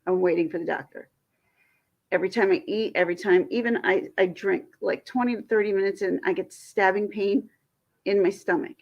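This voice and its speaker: A woman's voice: mid-range voice, fairly even intonation, a little fast, gravelly. A woman hosting her own livestream, talking casually and venting with frustration, rambling and restarting her sentences. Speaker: livestream host. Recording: dull lo-fi stream audio.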